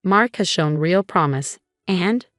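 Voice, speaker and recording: A man's voice: high voice, animated, takes it slowly, a bit bright, dry recording, studio quality, exaggerated voice. A woman reading as a cold, scornful drunk father. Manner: blunt and scornful. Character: drunk, cold, dismissive middle-aged father.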